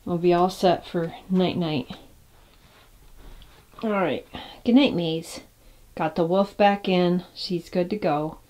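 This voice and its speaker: A woman vlogging in a small cabin, relaxed and unhurried, sometimes dropping to a whisper and talking softly to her dog. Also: lowish voice. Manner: drops to a whisper at times. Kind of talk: casual vlog narration. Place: small off-grid wooden cabin, indoors.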